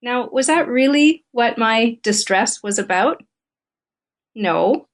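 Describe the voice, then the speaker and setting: A woman's voice: a little high, lively intonation, slow. Candid middle-aged woman telling a story. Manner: candid, conversational anecdote telling. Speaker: guest relationship therapist and author. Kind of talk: interview storytelling.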